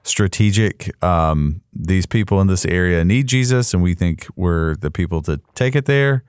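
A man's voice: low-pitched, moderate pace, a little mellow, clean tone, no room sound, studio quality. A man co-hosting a ministry podcast, thinking aloud with many fillers and giving frank opinions. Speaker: podcast co-host. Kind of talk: casual podcast chat.

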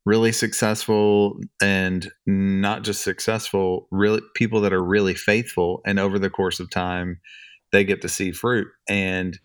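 A man's voice: low voice, little pitch movement, measured pace, clean tone, no room sound. A middle-aged man co-hosting a podcast about church leadership, thoughtful and searching for his words. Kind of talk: casual podcast discussion.

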